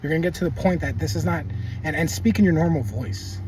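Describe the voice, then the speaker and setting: A man's voice: fairly high pitch, fast, a little mellow, far from the mic, a little hiss or hum. A man giving casual, emphatic motivational talk, repeating himself and swearing bluntly. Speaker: manifestation video creator.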